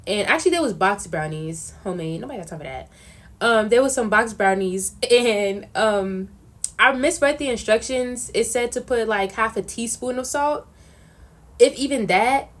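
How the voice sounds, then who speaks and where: A young woman answering questions in a casual vlog, telling stories in an animated, slangy way. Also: a little high, normal speed. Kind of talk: casual chat.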